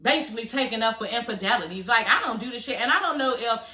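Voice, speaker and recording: A woman's voice: a little high, animated, fast, pushed and bright. A woman vlogger giving a blunt, profane, chatty recap of a reality show. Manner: blunt, profane, chatty, frequent laughing asides. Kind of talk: casual recap vlog. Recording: echoey room.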